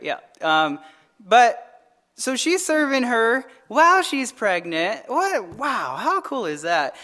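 A man preaching a sermon as pastor, telling stories in an animated way, often asking "right?" and repeating words as he starts phrases. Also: very high voice. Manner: animated storytelling with frequent "right?" tag questions.

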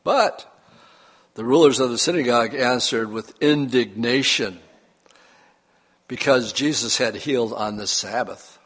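A man's voice: medium pitch, measured pace, pauses often, a bit bright, slightly rough. Older guy preaching, folksy storyteller, reads scripture then chats about his life, punches key words. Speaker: pastor. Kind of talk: sermon.

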